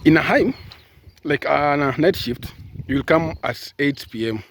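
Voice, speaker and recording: A man's voice: a little high, expressive, normal speed, fairly bright tone. A man from Kenya talking casually on a vlog, rambling with lots of fillers and restarts as he gives advice, filmed outdoors on a phone held at arm's length. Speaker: caregiver vlogger. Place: outdoors in sunshine. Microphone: phone camera at arm's length.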